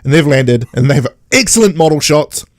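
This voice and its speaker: Male podcast host, sarcastic, animated, slightly high voice, dry close mic. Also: a little fast, dry recording. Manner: animated, sarcastic, mimics characters. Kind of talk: casual chat.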